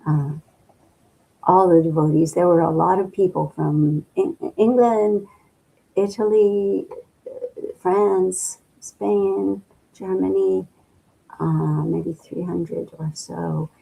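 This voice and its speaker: An older woman from the midwestern US recalls her past in an interview, her voice low and gravelly with a husky edge. She talks slowly and thoughtfully, pausing often and filling the gaps with soft fillers. Her tone is dark and mellow. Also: steady tone, rough recording. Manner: slow and reflective, with many pauses and fillers. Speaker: interview guest. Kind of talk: reminiscing in an interview.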